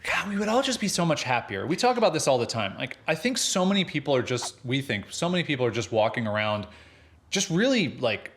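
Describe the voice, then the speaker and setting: A man's voice: mid-range voice, big pitch swings, fast talker, fairly bright tone. A young adult man co-hosting a podcast, chatting casually and ranting with emphatic humor. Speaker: podcast co-host. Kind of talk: casual chat.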